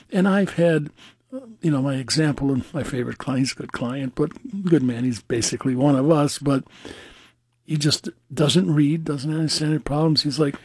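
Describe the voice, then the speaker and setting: Scornful, rambling male guest with a slightly high voice, dry studio sound. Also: normal speed, a little mellow, no room sound. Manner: scornful, rambling, full of fillers. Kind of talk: casual political chat.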